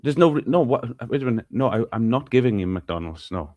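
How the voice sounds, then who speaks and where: A man's voice: mid-range voice, lively intonation, a little fast, dark tone, no echo. Man, panel guest, defensive and argumentative, stumbles over his words, dry close sound, mid-range voice. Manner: argumentative, stammering restarts. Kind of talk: heated casual debate.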